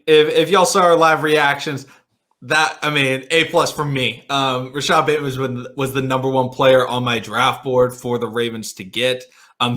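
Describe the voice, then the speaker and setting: A man's voice: mid-range voice, a bit bright. A man hosting a casual sports podcast, upbeat and chatty with frequent ums and restarts. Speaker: podcast host.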